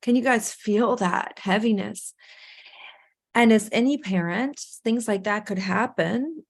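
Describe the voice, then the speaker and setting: A woman's voice: medium pitch, measured pace. A woman coach leading a participant through a guided breathing and grounding exercise on a video call, soothing and encouraging.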